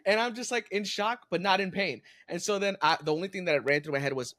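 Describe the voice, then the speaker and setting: A man's voice: high-pitched, fast, hardly any pauses, dry recording, studio quality. A man co-hosting a podcast, telling stories in casual chat and acting out the voices he quotes. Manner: animated storyteller, acts out quotes. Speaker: podcast co-host.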